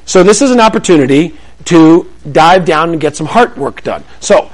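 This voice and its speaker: Speaking at a normal pace to a room full of people, a middle-aged man gives a Christian parenting talk in a high voice that swings widely. He tells his points as animated stories, acting out family dialogue and adding humorous, self-deprecating asides. The recording quality is low.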